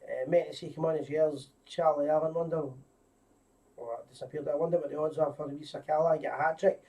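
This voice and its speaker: A chatty Scottish man hosts a live stream in a loose, rambling way, greeting viewers one after another. His voice sits fairly high for a man but sounds mellow and soft-edged. He is heard from a little way off the mic. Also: steady tone, fast, distant mic, low-quality recording. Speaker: host of a live fan show. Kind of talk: casual live-stream chat.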